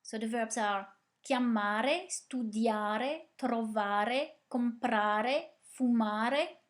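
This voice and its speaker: A woman leads a verb drill at an unhurried, careful pace. Her voice sits a little high, and she stops to ask the class questions and praise the answers. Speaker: language teacher. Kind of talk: slow, clear conjugation drill with explanations.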